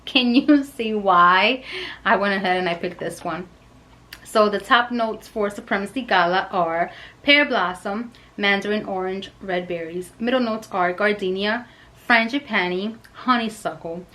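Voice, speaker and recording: Woman vlogger, gushing perfume reviewer, unhurried delivery, mid-pitched. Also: poor audio. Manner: gushing and excitable, with soft whispered asides. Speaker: fragrance reviewer. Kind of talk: unboxing and review vlog.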